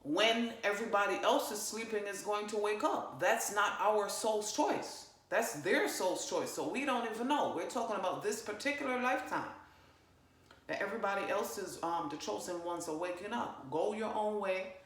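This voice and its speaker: Profane, animated woman in an echoey room. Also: medium pitch, normal speed. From parents from Jamaica. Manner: profane, animated, emphatic, fillers. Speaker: spiritual channeler vlogger. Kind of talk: casual spiritual monologue. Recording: roomy echo.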